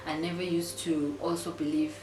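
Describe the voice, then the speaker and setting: A young woman giving an earnest personal testimony, shifting between hushed and animated. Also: low-pitched, normal speed. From South Africa. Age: young adult. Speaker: guest. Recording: echoey room, distant mic, music behind.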